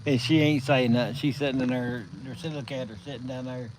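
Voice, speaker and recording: A man with a Southern US accent hosting a casual live stream from his phone, telling stories in a folksy, drawn-out way. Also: mid-range voice, fairly even intonation, noisy background. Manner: folksy, drawn-out storytelling with chuckles.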